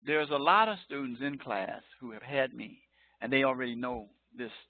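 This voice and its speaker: A man's voice: medium pitch, moderate pace. Chatty older man on a tinny line. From Chicago. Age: 60s. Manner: chatty, joking, laughs often, digresses. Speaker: college professor. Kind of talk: informal online lecture. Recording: tinny phone-like line, dry.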